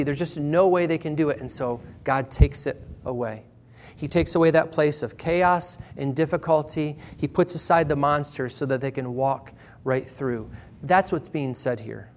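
A man preaching a sermon in church, earnest and measured, slowing down and pausing for emphasis. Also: on the high side. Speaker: pastor.

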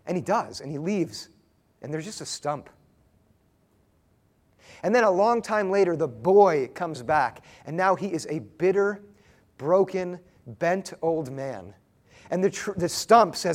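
A man in his thirties preaching a sermon, telling a story earnestly and pausing for emphasis. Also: on the high side, sing-song. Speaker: pastor.

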